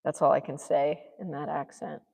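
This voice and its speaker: A woman's voice: low-pitched, little pitch movement, moderate pace, gravelly, darkish tone, long reverb tail. A woman artist vlogging as she paints, musing and muttering to herself and encouraging herself along. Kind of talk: thinking aloud while painting.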